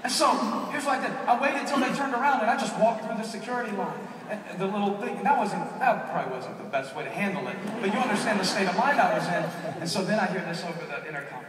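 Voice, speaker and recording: A man's voice: high voice, expressive, quick pace, crowd noise. A man, a pastor telling a story and preaching a sermon at a large conference. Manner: storytelling, builds to shouted preaching. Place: large arena. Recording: echoey arena from far off.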